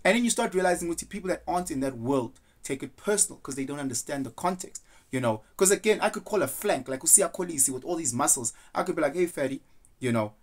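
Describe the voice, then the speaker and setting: A man's voice: on the high side, animated, fast, few pauses. Earnest man musing aloud. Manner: earnest, loose and rambling, acts out quoted voices. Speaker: vlogger. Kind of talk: casual reflective monologue.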